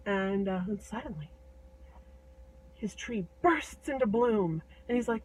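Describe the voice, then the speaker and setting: A woman's voice: mid-range voice, animated, a little slow, long pauses, darkish tone, breathy edge, lo-fi sound. A woman casually retelling a fairy tale in a chatty, irreverent, joking way with plenty of fillers and swearing. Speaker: storyteller.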